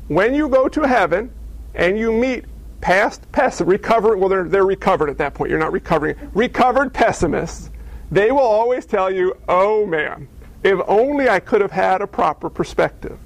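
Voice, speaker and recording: A man's voice: sits high, no room sound. A man preaching a sermon in a conversational, self-deprecating way, with playful asides to his congregation. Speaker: pastor.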